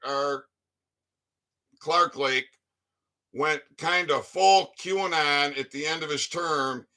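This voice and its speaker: Slow, sharp-voiced ranting man. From Michigan. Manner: profane, swings from low muttering to angry shouting. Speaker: online commentator. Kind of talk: reading news aloud with ranting commentary.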